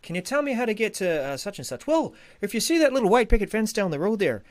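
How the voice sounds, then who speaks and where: A man's voice: sits high, very animated, quick pace, no echo, voice pushed up. A man voicing a chatty old Irish countryman with an exaggerated Irish accent who gives rambling directions.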